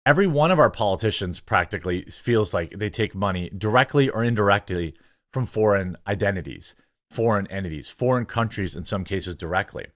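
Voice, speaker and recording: A man's voice: fairly low pitch, animated, a little fast, no echo, clean studio sound. A man hosting a political commentary show, reading news articles aloud and breaking in with sarcastic, opinionated remarks. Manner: sarcastic, opinionated asides between quoted passages.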